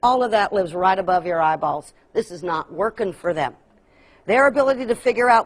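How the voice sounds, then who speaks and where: A middle-aged woman giving a training workshop, lively and humorous, acting out kids' voices and dropping folksy asides. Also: on the high side, normal speed. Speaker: workshop presenter. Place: workshop room.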